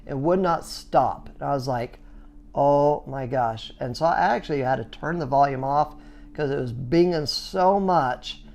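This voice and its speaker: A middle-aged man who owns a skateboard business, telling his story casually with lots of fillers and restarts, and animated sound effects. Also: mid-range voice, normal speed. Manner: chatty, full of "you know" fillers and restarts; animated, acts out sounds and reactions.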